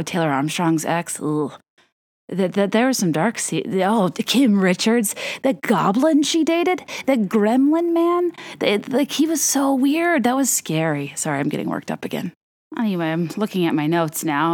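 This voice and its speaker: A young woman hosting a podcast, chatting in a casual, animated rant full of fillers and self-corrections. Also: on the low side. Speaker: podcast host.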